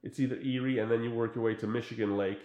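A man chatting casually and retelling a movie, his pitch sitting in an ordinary middle range. He jumps into quick put-on voices for the characters as he goes. The room around him rings with a clear echo. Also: muffled recording. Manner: animated storyteller acting out characters in quick voices. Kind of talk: casual chat recapping a movie. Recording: roomy echo.

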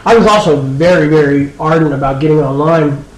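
A man's voice: fairly high pitch, brisk. A man co-hosting a podcast in casual chat, ranting with exasperation. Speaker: podcast co-host. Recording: echoey room, faint noise.

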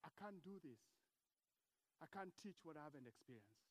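A male pastor preaching a sermon, shifting between hushed, earnest passages and loud, emphatic ones. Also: fairly high pitch, animated, moderate pace.

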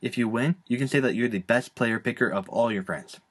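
A young man hosting a casual fantasy football podcast, relaxed and joking, with lots of fillers. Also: mid-range voice, fairly quick, breathy edge. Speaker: podcast host.

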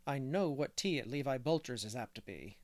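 A man voicing a stern, practical older woman with a brisk manner, in a dry audiobook reading. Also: medium pitch, animated, no echo, lightly acted.

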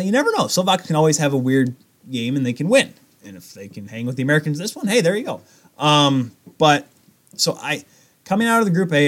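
A man's voice: mid-range voice, a bit bright. A man co-hosting a podcast, rambling in casual chat with restarts and self-corrections. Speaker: podcast co-host.

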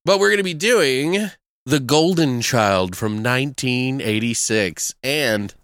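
A man co-hosting a casual chat, animated and jokey, swearing freely as he tells stories. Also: mid-range voice, takes it slowly, clean tone, no echo. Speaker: podcast co-host.

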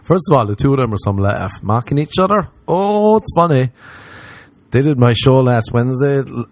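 A man's voice: medium pitch, sing-song, moderate pace, dry recording. A young Irish man, a comedian hosting a podcast, rambling animatedly from one tangent to the next and swearing freely. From Ireland. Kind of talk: casual rambling monologue.

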